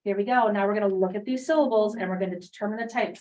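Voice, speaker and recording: A woman teaching a phonics lesson in a classroom, briskly prompting students with questions and quick praise. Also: medium pitch, a little mellow. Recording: distant classroom mic.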